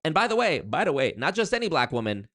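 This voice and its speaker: A man hosting a live-stream commentary show, reading chat aloud and reacting in an animated, jokey way with big leaps in pitch when he hypes viewers up. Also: fast. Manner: animated, jokey, big pitch swings, hype shout-outs.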